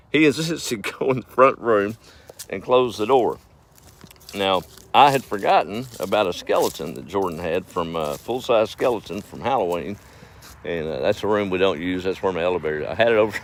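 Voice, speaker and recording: A man telling folksy farm stories on a casual livestream, chuckling as he rambles. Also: fairly low pitch. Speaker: farm vlogger.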